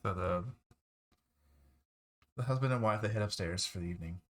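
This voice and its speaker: Low-voiced man running a tabletop game. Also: normal speed. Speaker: game master.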